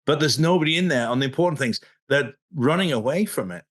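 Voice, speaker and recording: A man in a casual video interview, telling stories in an animated way and often chuckling mid-sentence. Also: fairly high pitch, quick pace.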